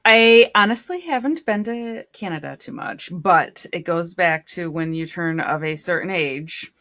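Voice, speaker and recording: A woman's voice: lowish voice, lively intonation, a little slow, fairly bright tone, dry recording, studio quality. A woman from Michigan chatting casually on a podcast with playful, wry asides.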